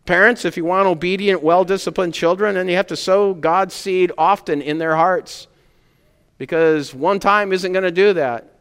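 A man preaching a sermon as pastor to his congregation, earnestly building emphatic points and then dropping to a quiet tone. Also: high voice, moderate pace, clear, resonant tone. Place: church sanctuary. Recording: long hall reverb.

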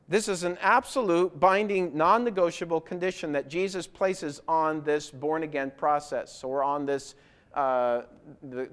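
Clear-voiced male preacher, emphatic. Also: fairly high pitch. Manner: emphatic rhetorical questions, building to loud insistence. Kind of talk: sermon.

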